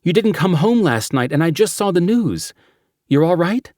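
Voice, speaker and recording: A man's voice: fairly high pitch, huge pitch swings, measured pace, darkish tone, husky, dry recording, studio quality, pitched above the performer's own voice, exaggerated voice. A man voicing an anxious woman in an audiobook, asking urgent questions. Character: anxious woman, worried for her partner.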